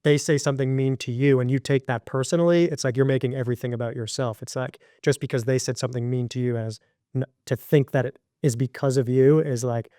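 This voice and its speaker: Male podcast talker with a smooth, clear voice at mid pitch, recorded dry, loose and chatty. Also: quick pace, dry recording. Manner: animated, filler-heavy storytelling with lots of likes. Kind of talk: casual podcast conversation.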